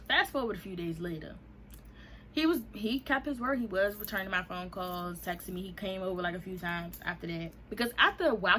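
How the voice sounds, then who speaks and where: Animated young woman telling a storytime. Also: medium pitch, creaky, a little hiss or hum. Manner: animated, quotes people in raised voices. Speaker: vlogger. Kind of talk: casual storytime.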